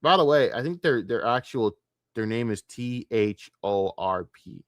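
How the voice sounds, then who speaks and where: A man's voice: mid-range voice, animated, unhurried, fairly bright tone, dry recording. A man streaming late at night, ranting with a lot of profanity and getting easily distracted.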